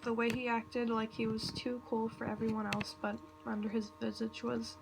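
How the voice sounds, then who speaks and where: A woman reads a fan story aloud with nervous, halting delivery. Her voice sits slightly high with a gravelly fry. The home recording is noisy, with computer clicks in the background. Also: monotone. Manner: nervous, self-interrupting reading with asides. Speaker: reader. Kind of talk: reading fan fiction aloud.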